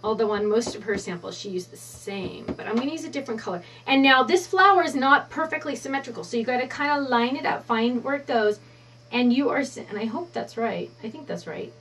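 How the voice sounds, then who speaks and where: Bubbly woman craft-tutorial host, high voice, mic set a little back from her. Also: a little fast, distant mic, slight background noise. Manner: bubbly and excitable, gushing. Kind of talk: stamping tutorial demonstration. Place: craft studio at counter height.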